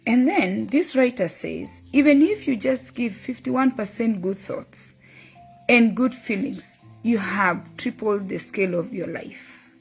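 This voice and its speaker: A woman's voice: fairly high pitch, expressive, unhurried, creaky, soft background music. A middle-aged woman hosting a motivational talk, earnestly telling a story and quoting her son and a book. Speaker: host.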